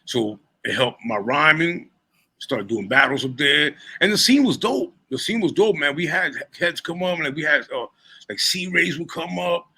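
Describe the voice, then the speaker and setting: Bright, husky-voiced profane storyteller man. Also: fairly high pitch, normal speed, rough recording. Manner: profane, animated storyteller who laughs between lines. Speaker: rapper and DJ, interview guest. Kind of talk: casual storytelling interview.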